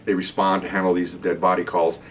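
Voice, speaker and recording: Brief: older man, retired cop, low voice, rambling halting storyteller, mic set back a little. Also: flat delivery, recorded from a distance, a little hiss or hum. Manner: rambling, halting, with many restarts and fillers. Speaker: retired police officer telling stories. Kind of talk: casual storytelling to camera.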